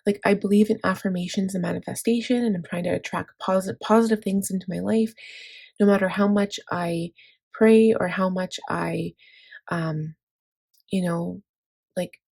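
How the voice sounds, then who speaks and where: A woman's voice: medium pitch, steady tone, normal speed, gravelly, darkish tone, slightly rough. A woman in her thirties, a planner vlogger, chatting casually and tiredly, rambling with many fillers and restarts. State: tired and low. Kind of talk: casual chat.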